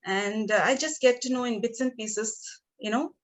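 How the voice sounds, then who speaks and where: A woman, speaking as a coaching client in an emotional personal conversation and talking in a hesitant, halting way with many pauses and restarts. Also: fairly high pitch, poor audio.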